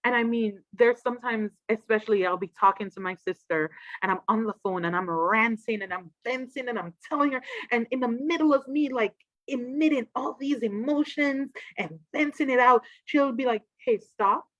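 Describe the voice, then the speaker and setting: Woman speaker, fairly high voice, animated, dry dull lo-fi sound. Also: moderate pace, hardly any pauses, dry recording. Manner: lively, animated, acts out quoted voices. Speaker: trauma expert giving a talk. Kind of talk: casual livestream talk.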